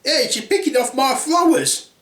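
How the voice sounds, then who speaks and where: A man voicing a grumpy, shouting male landowner in a comic fairy tale, loud and cross. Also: very high voice, expressive, moderate pace, pitched above the performer's own voice. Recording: roomy echo.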